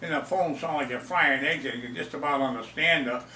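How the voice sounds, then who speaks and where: An older man with a somewhat high, bright voice tells a story in a rambling, self-mocking way and circles back over his own words. He sits away from the mic, so the sound is distant and echoes around the room. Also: brisk, slight background noise. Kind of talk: casual storytelling.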